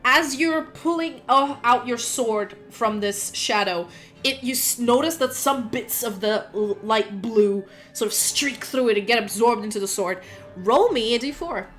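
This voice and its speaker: A woman runs a tabletop game as game master, her voice bright and a little high. She talks in a chatty, descriptive way with fillers, and soft music plays faintly underneath. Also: unhurried.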